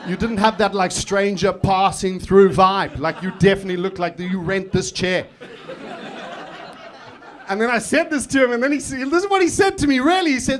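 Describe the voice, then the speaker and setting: South African man, high-pitched stand-up. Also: quick pace. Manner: profane, self-mocking banter with the crowd. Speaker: stand-up comedian. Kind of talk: stand-up comedy set. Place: comedy club stage.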